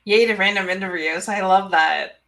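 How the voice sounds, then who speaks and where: An upbeat woman co-hosting a podcast, cheering her guest on in easy conversation. Her voice is bright and forward, sitting at an everyday pitch. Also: steady tone, moderate pace, vocal fry. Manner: upbeat, encouraging. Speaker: podcast co-host. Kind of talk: casual chat.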